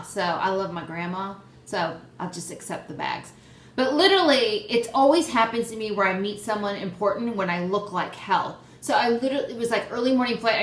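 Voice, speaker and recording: Excitable chatty woman in an echoey room. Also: mid-range voice. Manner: excitable, chatty, self-deprecating. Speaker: host. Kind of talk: casual vlog chat. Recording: roomy echo, faint background noise.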